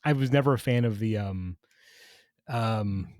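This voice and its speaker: A man's voice: fairly low pitch, unhurried, a little mellow, dry recording, clean studio sound. A man co-hosting a podcast in casual chat, rambling and hunting for names as he talks. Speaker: podcast co-host.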